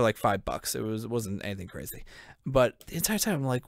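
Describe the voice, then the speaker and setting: Talking fast and animated, a man co-hosting a podcast rambles through a lengthy story in a casual chat, cursing and voicing other people's lines. His pitch is fairly low, and the studio-quality audio carries no echo.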